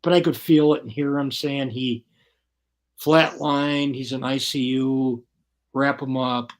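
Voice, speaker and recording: A man as an interview guest, telling his story bluntly and profanely in casual, animated talk. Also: medium pitch, slow pace.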